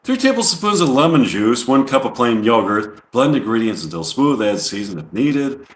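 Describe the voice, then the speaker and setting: A man's voice: mid-range voice, very animated, normal speed, reverberant, lightly acted. A man voicing a female rock singer in a put-on New York accent, reading out a recipe list in a raised voice. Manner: reads ingredient lists in a raised, sing-song put-on voice.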